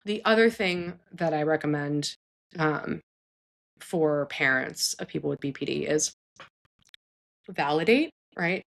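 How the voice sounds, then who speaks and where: A woman's voice: deep voice, a little slow, gravelly, long pauses. A woman psychologist giving earnest, conversational advice to parents, often checking in with "right?". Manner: acts out quoted speech in shifted voices. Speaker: psychologist host.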